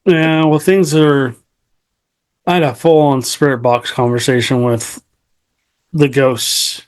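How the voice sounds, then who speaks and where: A man's voice: medium pitch, fairly even intonation, takes it slowly. A man hosting a casual interview podcast, laid-back, giving short encouraging replies. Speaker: podcast host.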